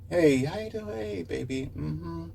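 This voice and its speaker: A man's voice: on the high side, expressive, unhurried, gravelly, recorded from a distance, slight background noise, pitched above the performer's own voice. A man doing a cooing, doting housewife. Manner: cooing, soft and hushed. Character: sweet doting homemaker woman.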